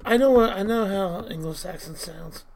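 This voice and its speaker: A woman's voice: medium pitch, moderate pace, a little mellow. A woman from the United States co-hosting a podcast, laid-back in casual chat. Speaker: podcast co-host.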